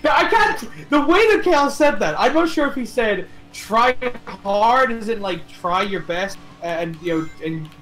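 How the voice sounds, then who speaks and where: Voice-chat buddy with a lively, swinging pitch, jokey and teasing, mid-range voice. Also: a little slow, hardly any pauses, faint music behind, poor audio. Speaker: friend in the stream's voice chat. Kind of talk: casual banter over a game stream.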